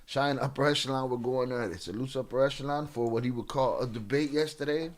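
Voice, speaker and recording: A man hosting a live stream in a casual, slangy, laid-back way, giving shout-outs to viewers. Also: medium pitch, fast. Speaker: livestream host.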